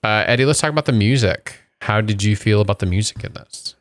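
A man's voice: on the low side, fast talker, slight background noise. A man co-hosting a podcast, thinking aloud about films with stammered restarts. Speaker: podcast co-host. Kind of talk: casual movie discussion.

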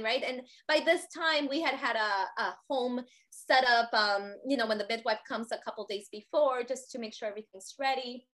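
A woman with a high voice telling a personal story as an interview guest. She is expressive and animated. She keeps checking in with her listener with a quick "right?" and slips into the voices of the people she quotes. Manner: expressive, tags sentences with "right?".

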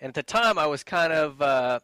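A man's voice: fairly high pitch, lively intonation, fairly quick, bright, forceful tone, clean tone, no echo. A middle-aged man co-hosting a casual chat show, telling stories and laughing often. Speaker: podcast co-host.

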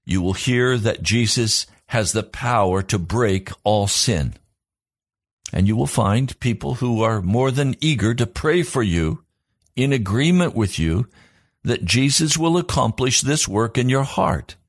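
A man's voice: mid-range voice, animated, measured pace, dry recording, clean studio sound. A man preaching a sermon as a pastor, in an earnest, emphatic cadence built on repeated phrases.

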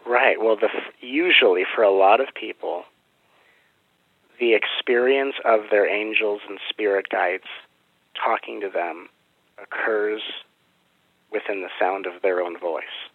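Man explaining spiritual stuff, low voice, sounds like a phone line. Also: measured pace, long pauses, dry recording. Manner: earnest, flowing mystical explanations. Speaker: spiritual teacher and guest. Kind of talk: interview answers.

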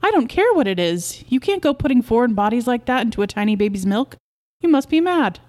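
A woman's voice: mid-range voice, brisk, dark tone, close to an everyday voice. A woman voicing an anxious, protective young mother who scolds her husband indignantly, in a storybook reading.

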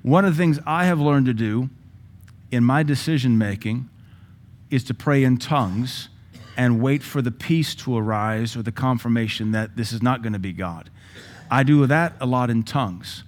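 A male pastor teaching a sermon in a lively, joking way, now and then breaking into praying in tongues. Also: mid-range voice, moderate pace.

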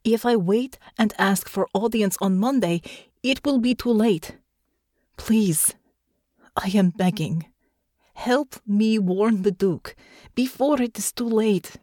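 A woman's voice: a little high, unhurried, darkish tone, no room sound, clean studio sound, voice pushed up. A woman voicing a clipped, formal soldier woman. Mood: pleading. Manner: formal clipped speech without contractions, drops articles. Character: tough female ex-soldier guard, injured and urgent. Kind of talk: audiobook character voice.

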